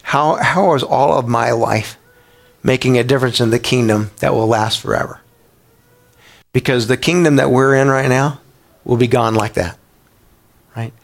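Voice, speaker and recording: A man's voice: medium pitch, moderate pace, creaky, long pauses. A man preaching a sermon as a pastor, talking conversationally, often asking his congregation questions and restarting his words.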